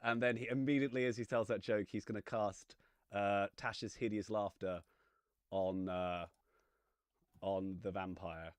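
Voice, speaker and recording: A man's voice: deep voice, level tone, measured pace, long pauses, no echo. A man playing a tabletop game, announcing his character's actions step by step in third person, playful in manner. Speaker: player.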